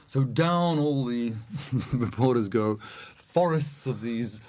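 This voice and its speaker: A man telling an anecdote in an animated way, often laughing as he goes. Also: medium pitch, slow pace. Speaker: storyteller. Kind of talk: anecdotal storytelling.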